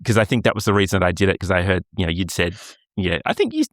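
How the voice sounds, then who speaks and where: A man's voice: low voice, huge pitch swings, very fast, no room sound, studio quality. A middle-aged Australian man co-hosting a podcast, telling stories in an easygoing, self-mocking way. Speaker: podcast co-host. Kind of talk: casual chat.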